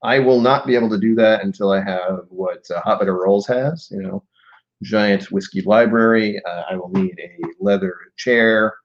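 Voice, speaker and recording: A man's voice: on the low side, moderate pace. A man chatting casually on a live stream and reading poetry aloud, rambling and muttering asides to himself. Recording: dull lo-fi stream audio.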